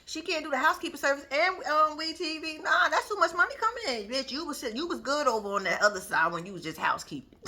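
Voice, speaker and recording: Woman vlogger in AAVE, lively bright recap chatter, husky edge. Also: high-pitched, quick pace. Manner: animated, laughing often, playfully cussing. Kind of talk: casual reaction recap.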